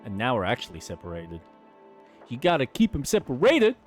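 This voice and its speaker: A man's voice: mid-range voice, wildly swooping pitch, fairly quick. A man streaming a co-op video game, joking and swearing casually as he plays. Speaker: gaming streamer. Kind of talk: casual gameplay commentary. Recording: voice over game music. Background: game music.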